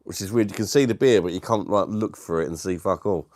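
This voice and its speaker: A man's voice: low voice, quick pace, darkish tone, no room sound, studio quality. A British man hosting a casual live stream from his dining room, greeting viewers and chatting in a laid-back way with frequent laughs. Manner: laid-back, laughs often, says mate a lot. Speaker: livestream host.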